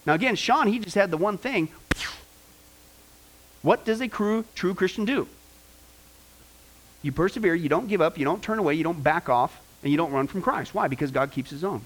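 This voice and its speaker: A fairly high-pitched man preaches to his congregation in an easygoing, conversational way. He rambles as he goes and keeps checking in with the room with quick "okay?" and "you know what I'm saying?" asides. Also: low-quality recording. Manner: informal, rambling delivery with many okays and you-knows. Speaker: pastor. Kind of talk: sermon.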